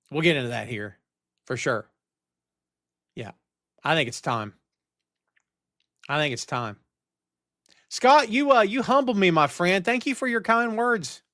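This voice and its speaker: This middle-aged podcast host has a slightly high voice and hosts a live wrestling talk show on camera from his home studio, with headphones and a studio mic. He rants in an animated way and reads chat comments aloud, and the studio-quality audio has no room sound.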